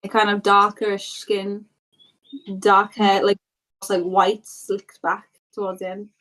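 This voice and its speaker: A woman's voice: mid-range voice, level tone, a little slow, a bit bright. A woman narrating a tabletop game as game master. She often stops and restarts her sentences as she describes the scene. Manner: stumbling, self-correcting narration.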